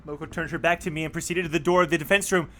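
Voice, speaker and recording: A streamer giving let's play commentary with jumpy, excitable reactions while reading a story game aloud. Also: medium pitch, very fast, faint music behind.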